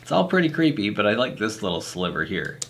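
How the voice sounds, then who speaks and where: A man's voice: on the low side, big pitch swings, brisk, vocal fry, noisy background. A man talking to himself in a playful, self-mocking way while recording sound effects for a video. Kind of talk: casual self-talk while working.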